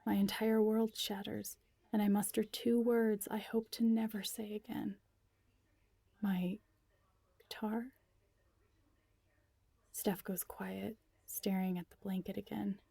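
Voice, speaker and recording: A woman reads a first-person story aloud in an intimate way, close to a whisper at times. Her voice is gravelly and mellow, and it sounds dry and close. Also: mid-range voice, little pitch movement, normal speed, dry recording. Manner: intimate, often near a whisper. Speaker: narrator.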